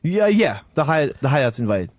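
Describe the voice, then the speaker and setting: A man co-hosting a talk radio show, playful and teasing, quick to giggle. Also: a little high, very animated, no echo, clean studio sound. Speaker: radio co-host. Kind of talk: casual talk radio banter. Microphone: studio microphone.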